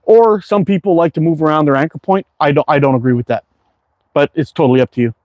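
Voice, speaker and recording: A man's voice: on the high side, quick pace, darkish tone, no echo. A man hosting a casual livestream from his backyard, reading viewer chat in an easygoing, rambling way with plenty of fillers. He sounds tired and worn out. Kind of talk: casual live chat while target shooting.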